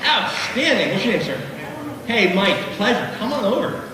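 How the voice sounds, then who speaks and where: A middle-aged man giving an animated, jokey keynote speech, talking straight to the crowd. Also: high-pitched, moderate pace. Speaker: keynote speaker. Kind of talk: motivational keynote speech to a live audience. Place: large hall. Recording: echoey hall from far off.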